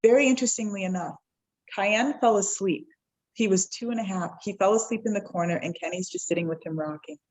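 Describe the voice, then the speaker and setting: A woman in her forties shares a personal story as a podcast guest. Her pitch sits in the middle range for a woman. She slips into quoted dialogue with lively shifts in tone, then slows down when she gets reflective. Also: low-quality recording. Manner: animated, reenacts dialogue with quick shifts in tone; reflective and heartfelt, slows down at key moments.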